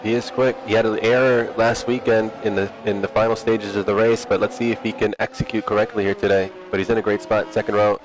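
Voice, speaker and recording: A man commentating an online sim racing league, relaxed and chatty with a teasing edge. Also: lowish voice, fast talker, hardly any pauses. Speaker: race commentator.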